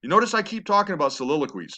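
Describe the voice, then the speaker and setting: A man's voice: a little high, big pitch swings, racing, bright, forceful tone. A chatty male teacher explaining a play. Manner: conversational, with fillers and asides. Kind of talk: recorded lecture.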